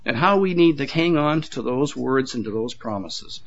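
A man's voice: medium pitch, expressive, moderate pace. An older man preaching a sermon to his congregation in a folksy way, with chuckling asides and repeated words. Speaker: pastor. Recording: dull lo-fi sound.

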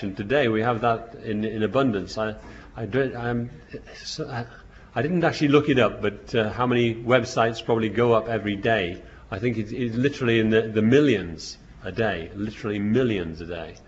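A man's voice: mid-range voice, normal speed. A man preaching a sermon, reading scripture verses aloud and then explaining them, with frequent restarts and bursts of emphasis. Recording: dull lo-fi recording.

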